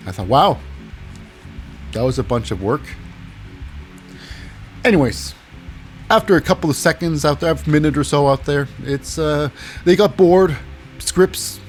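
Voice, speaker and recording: A sarcastic man talks through wrestling matches in a loose, rambling way, slipping into goofy voices when he mimics people. His voice sits a little high for a man, and faint music runs underneath. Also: lively intonation, unhurried, long pauses. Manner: rambling, sarcastic, acts out quotes in silly voices. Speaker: wrestling show recap host. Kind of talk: casual solo recap commentary.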